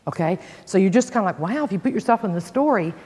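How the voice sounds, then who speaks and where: A Bible teacher leads a sermon, reading scripture aloud with bold emphasis and tossing folksy asides to her listeners. Her expressive, quick, slightly rough and a little mellow voice swings widely in pitch, with long reverb trailing her words.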